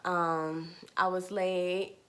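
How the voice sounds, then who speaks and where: A woman's voice: lowish voice, level tone, extremely slow, fairly bright tone. A young woman, a nursing student, talking casually to her viewers, full of "like" and "you know". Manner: chatty, heavy use of "like" and "you know". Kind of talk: casual storytelling to camera.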